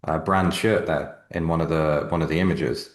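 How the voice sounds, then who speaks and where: A man's voice: very deep voice, fairly even intonation, echoey room. A man co-hosting a casual marketing webinar on a video call, explaining things step by step. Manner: measured, explains step by step, repeats words while starting. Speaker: webinar co-host.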